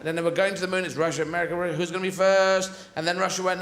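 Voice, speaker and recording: A man's voice: high-pitched, animated, fast, hardly any pauses, background noise. A man performing a rambling, digressive stand-up routine on a large theatre stage, heard with audience laughter in an echoey hall. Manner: rambling, digressive, self-correcting. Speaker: stand-up comedian.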